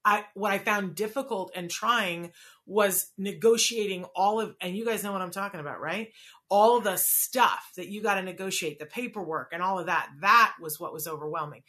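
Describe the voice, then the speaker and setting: Bright-voiced woman host, candid. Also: mid-range voice, normal speed. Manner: animated, candid, self-deprecating. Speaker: host, parent. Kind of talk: casual chat.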